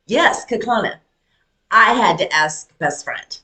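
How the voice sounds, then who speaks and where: A middle-aged woman hosting a casual podcast chat, telling stories in an animated way. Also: medium pitch, takes it slowly, reverberant. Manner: lively, animated storyteller. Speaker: podcast host.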